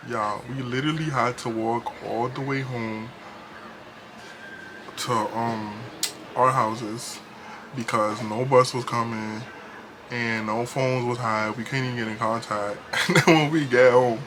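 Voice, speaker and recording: A young man telling a storytime vlog in an animated, casual way, laughing often. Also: medium pitch, measured pace, noisy background. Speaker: vlogger.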